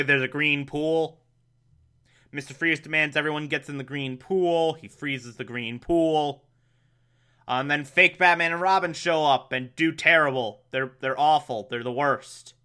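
A man's voice: on the high side, steady tone, moderate pace, sharp tone, smooth. A man giving a sarcastic, incredulous recap of an episode, mocking the plot and swearing. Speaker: comedic recapper.

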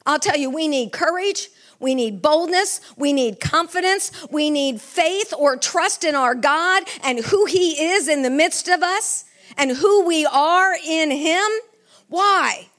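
Middle-aged woman, preacher, high voice, fervent sermon, questions to the congregation. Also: animated, takes it slowly, fairly bright tone.

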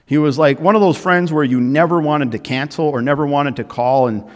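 A pastor giving a sermon to his congregation, building emphasis with frequent pauses. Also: on the high side. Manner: preaching with rising emphasis and pauses, addressing the congregation. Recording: echoey hall with long reverb.

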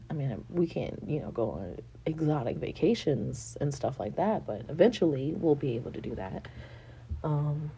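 Brief: thirties woman, low gravelly voice, frank rambling vlog venting, faint noise behind. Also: mellow. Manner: frank and rambling, with frequent swearing and fillers. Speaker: vlogger. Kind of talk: candid personal venting.

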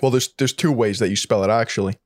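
A man's voice: fairly low pitch, fast talker, dry recording, studio quality. A man co-hosting a podcast, telling stories casually with swearing and laughter. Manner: profane, laughing, storytelling. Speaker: podcast co-host. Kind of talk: casual banter.

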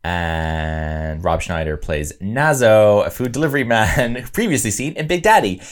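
A podcast co-host with a lowish, unhurried voice chats casually about a film. He's animated, swears freely and mimics quotes in exaggerated voices.

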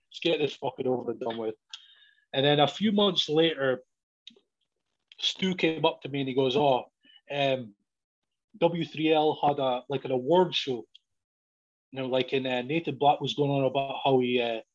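A man, a professional wrestler, telling sweary, animated stories in casual chat and acting out both sides of each exchange. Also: fairly high pitch. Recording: dull lo-fi audio.

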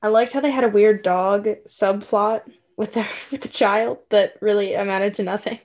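A woman's voice: medium pitch, steady tone, normal speed, a little mellow. Chatty playful woman co-host. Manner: chatty, playful, many likes and restarts. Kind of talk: casual chat reviewing a movie.

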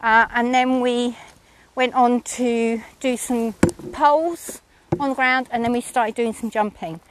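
A woman's voice: a little high, steady tone, measured pace, a little hiss or hum. A woman chatting casually about her lesson, rambling and self-mocking, with frequent ums. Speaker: horse rider reviewing her lesson. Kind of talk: casual chat.

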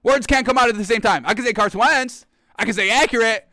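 Man, sports show host, high and bright voice, brash mocking rant, dry close mic. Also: quick pace, no echo. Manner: brash, mocking, addresses viewers as folks. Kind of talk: animated sports opinion rant.

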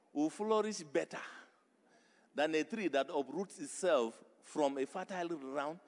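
A male pastor preaching a sermon, building emphatic repeated phrases into loud exhortation. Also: fairly high pitch, measured pace. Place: church hall. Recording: reverberant church hall.

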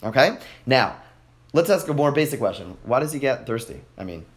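Man, teacher, animated classroom text study, reads verses and translates, praises students. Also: mid-range voice, fairly quick.

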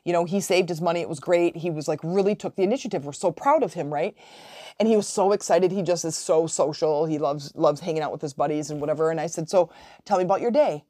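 Woman coach, forties, low voice, earnest, encouraging, dry close mic. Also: steady tone, fast talker, dark tone, no echo. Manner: earnest, encouraging, acts out quoted dialogue. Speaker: relationship coach. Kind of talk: motivational podcast talk.

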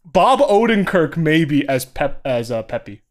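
A man's voice: a little high, sing-song, measured pace. A young man co-hosting a podcast in casual, laid-back chat, swearing freely and laughing often. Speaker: podcast co-host.

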